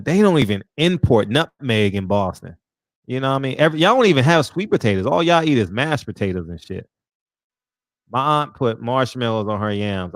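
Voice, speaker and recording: Laughing, animated man chatting with his stream. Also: medium pitch, dry recording, clean studio sound. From American South. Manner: loud, laughing, profane banter with chat. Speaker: livestream host chatting with viewers. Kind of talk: casual livestream chat.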